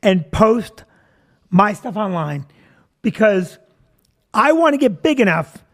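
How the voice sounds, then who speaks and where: Joking self-deprecating comedian host. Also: male voice, high-pitched, sing-song, measured pace, a bit bright. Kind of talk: casual comedic chat.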